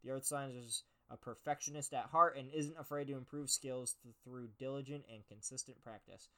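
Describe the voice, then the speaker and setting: A man's voice: medium pitch, steady tone, moderate pace, bright, forceful tone. A young man hosting a casual podcast, reading horoscope text aloud and mocking it with profane, sarcastic asides. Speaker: podcast host. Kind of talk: casual comedic commentary.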